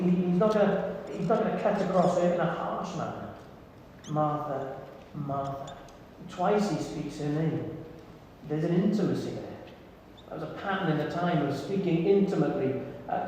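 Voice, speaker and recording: In a church hall, a male pastor delivers an earnest, intimate sermon punctuated by soft pauses. He has a mellow voice that sits fairly high. The mic is distant, so a long reverb and faint noise accompany him.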